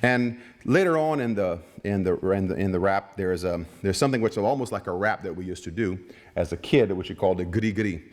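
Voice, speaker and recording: A man with a Cajun accent, an author reading his work in a measured, rhythmic way and then chatting with a festival audience. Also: deep voice, lively intonation, a little mellow. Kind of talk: poetic reading and casual stage talk. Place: festival stage. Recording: long hall reverb.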